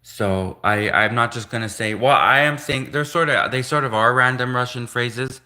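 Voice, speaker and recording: A man hosting a casual livestream, talking in halting bursts and slowly sounding out practice phrases in a language he is learning. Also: medium pitch, bright, forceful tone. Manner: halting, restarts, slow careful reading of foreign phrases. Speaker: livestream host.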